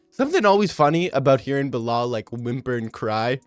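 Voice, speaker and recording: Brief: young male commentator in his twenties, animated, mocking, light music in the background. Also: medium pitch, brisk, smooth, no room sound. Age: 20s. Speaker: video commentator. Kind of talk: casual commentary over fight replays.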